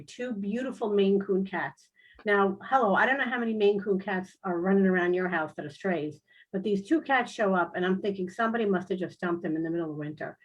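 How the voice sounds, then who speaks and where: A woman, a guest and animal rescuer, telling a comic story on a video call in an animated, lively way, with big jumps in pitch. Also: lo-fi sound. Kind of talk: casual storytelling on a talk show.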